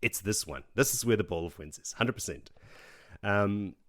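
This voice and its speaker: The fairly low, fairly bright voice of a man moves at a moderate pace as he hosts a podcast recap of a fantasy book, chapter by chapter. He keeps it casual and rambling, laughing while acting out the characters' dialogue.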